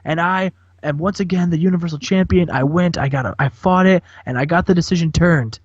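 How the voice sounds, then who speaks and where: A man's voice: fairly high pitch, brisk, dry recording, close to an everyday voice. Man doing a whiny cocky champion wrestler. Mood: indignant. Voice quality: indignant, raised voice. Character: cocky adult male champion wrestler, whiny and self-pitying. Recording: dull dry lo-fi mic.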